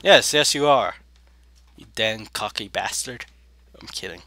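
A man giving excitable gaming commentary at a close desk mic, jumping between loud yelps and sneaky whispers. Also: on the low side, a little slow, dry recording. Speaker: gaming video host.

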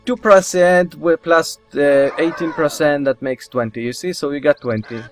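A man hosting a let's play, giving casual gameplay commentary. He gets excited, talks straight to the game characters, swears mildly and laughs at his own slips. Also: fairly high pitch, normal speed, faint music behind.

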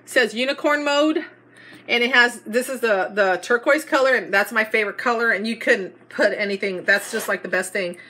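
A woman's voice: a little high, normal speed, pushed and bright. Gushing woman showing a store haul. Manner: gushing, chatty, rambling. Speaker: haul vlogger. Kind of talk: casual haul vlog.

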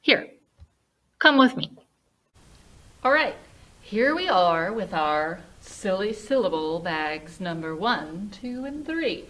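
A woman's voice: mid-range voice, very animated, slow pace, long pauses, bright, forceful tone, slight background noise. A woman music teacher giving a children's lesson online in a patient, sing-song teacherly way.

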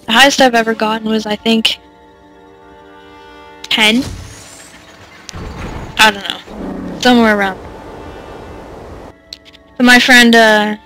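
A fairly high-voiced woman talks loosely over a game, wandering off topic and poking fun at herself. She fills pauses with "uh" and "like" and breaks into giggles. Soft game music plays faintly underneath. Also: steady tone. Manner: rambling, self-deprecating, giggly, many fillers. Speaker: let's play commentator. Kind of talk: casual gameplay commentary.

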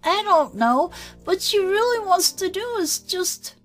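A woman's voice: very high-pitched, sing-song, unhurried, faint music behind, heavily acted. A woman speaking as her inner child, an earnest, anxious five-year-old girl who rambles and apologizes. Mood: worried. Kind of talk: spoken channeling session.

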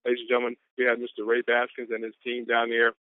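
Excitable man on a phone line. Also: medium pitch, quick pace, smooth, no room sound. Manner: excitable, hollers woo. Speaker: call presenter. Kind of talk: motivational conference call.

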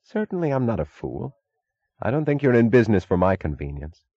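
A man's voice: mid-range voice, a little fast, husky, no echo, muffled recording, pitched above the performer's own voice. A man voicing a determined female railroad executive who speaks evenly and directly. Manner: even, direct, businesslike.

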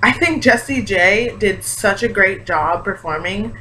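A young woman chatting excitedly in a casual reaction vlog, gushing and full of fillers. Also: mid-range voice, measured pace, rough recording. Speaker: vlogger. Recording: faint background hiss.

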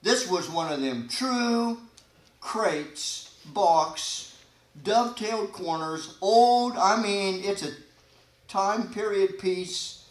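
A man preaching a sermon as pastor, folksy and animated, with sudden loud emphasis and quiet asides. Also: high voice, very slow. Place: church sanctuary. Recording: echoey church hall.

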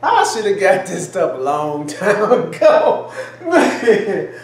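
A man's voice: sits high, sing-song, slow. A man co-hosting a home cooking taste test, exclaiming and chatting folksy in a kitchen. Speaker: cooking channel co-host. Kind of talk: casual taste-test chat. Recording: echoey kitchen, faint ambience.

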